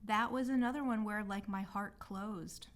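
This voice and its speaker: A woman's voice: medium pitch, normal speed. A woman sharing a personal story in a candid, reflective monologue, speaking loosely with many fillers and openly apologizing for past mistakes. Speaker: healing arts practitioner hosting a personal podcast.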